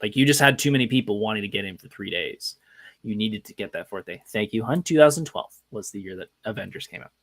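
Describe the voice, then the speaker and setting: A man's voice: fairly low pitch, expressive, quick pace. Chatty man telling podcast stories. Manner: chatty, anecdotal, self-deprecating. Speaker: podcast host. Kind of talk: casual live podcast storytelling.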